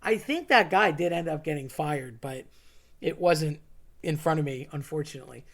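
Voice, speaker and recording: A storyteller telling a personal anecdote in an animated, sarcastic way, with emphatic, indignant bursts. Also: medium pitch, normal speed. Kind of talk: personal anecdote, told live.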